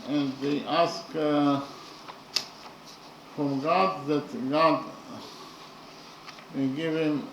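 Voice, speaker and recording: Slow, deliberate man in an echoey room. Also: on the high side. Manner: halting and deliberate, with frequent pauses and "uh"; spells out letters one by one. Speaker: teacher explaining a poem. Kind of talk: slow spoken lesson. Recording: echoey room with faint background noise.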